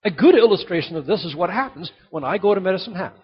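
Older male pastor, high husky voice, lively sermon delivery, muffled lo-fi recording. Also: fast. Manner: animated, dramatic storytelling with sudden loud and soft swings. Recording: dull lo-fi sound.

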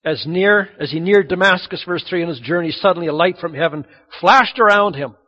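A middle-aged man preaching a sermon as pastor, animated and acting out the voices he quotes. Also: high voice, a little fast, big-room sound. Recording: dull lo-fi sound.

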